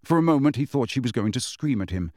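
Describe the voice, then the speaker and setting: A man reading a novel aloud as audiobook narration, in measured, expressive storytelling. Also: mid-range voice, no echo, clean studio sound. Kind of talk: scripted narration.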